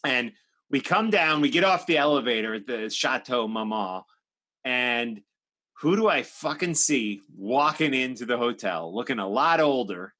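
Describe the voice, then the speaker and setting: A man's voice: mid-range voice, lively intonation, a little slow, sharp tone. A man in his fifties hosting a live stream, telling a long anecdote in a chatty way with many fillers and restarts. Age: 50s. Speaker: talk show host. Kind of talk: animated storytelling. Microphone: live stream microphone.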